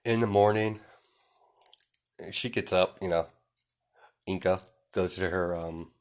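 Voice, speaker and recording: A young man with a fairly low voice makes up a fan story as he goes. He wanders through it with constant fillers and little chuckles. The delivery is loose and unscripted. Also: fairly even intonation, takes it slowly. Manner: rambling, full of "you know" and "um", chuckling. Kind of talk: improvised fan fiction narration.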